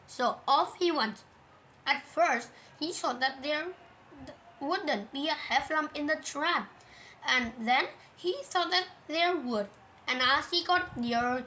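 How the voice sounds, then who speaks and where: A woman reading a children's storybook aloud in a gentle, measured way. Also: high-pitched, slight background noise, low-quality recording.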